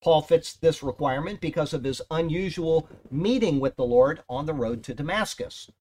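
Bible teacher, male, slightly high voice, emphatic and chatty. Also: normal speed, a little mellow. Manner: emphatic, conversational, often checks in with "okay?".

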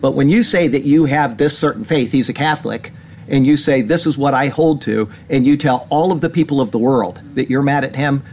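A male pastor giving earnest sermon commentary in a small church, reading news items and pressing his points with mounting indignation. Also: slight background noise. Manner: earnest, rising in pitch when indignant. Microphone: camera.

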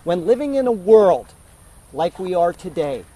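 A man's voice: high-pitched, sing-song, a little slow, mellow, poor audio. A man preaching an emphatic sermon, teaching verse by verse to his congregation. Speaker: pastor.

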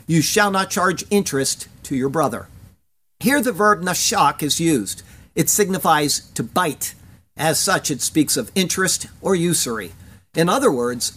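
A Bible teacher with a medium-pitched voice gives verse-by-verse commentary in a measured, deliberate cadence. Between scripture readings he stresses key words and carefully sounds out Hebrew phrases.

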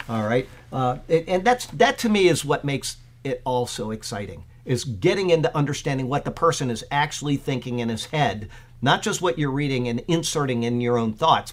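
A man, a pastor, giving an informal Bible commentary in a conversational way, with many fillers, getting excited as he talks. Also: medium pitch.

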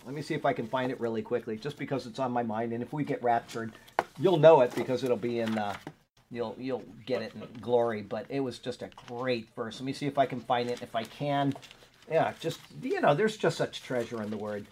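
A man's voice: medium pitch, a little fast, a little mellow, a little hiss or hum. A man teaching a Bible study as a pastor, chatting casually, stopping to look up verses, and reading scripture aloud with emphasis. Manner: conversational, digresses while looking up verses.

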